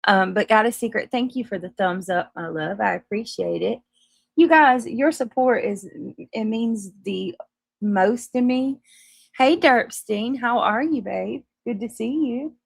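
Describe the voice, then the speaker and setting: A woman hosting a casual livestream, chatting with viewers and reading their comments, warm toward them and quick to apologize. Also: fairly high pitch, creaky, breathy edge, no echo, studio quality. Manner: chatty, apologetic, laughs easily, restarts often. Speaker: livestream host.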